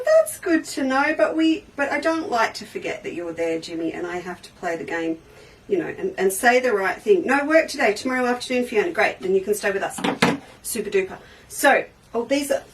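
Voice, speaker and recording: A woman with a medium-pitched voice hosts a casual quilting livestream, chatty and bubbly. She greets viewers one by one by name. The mic is distant and the audio poor.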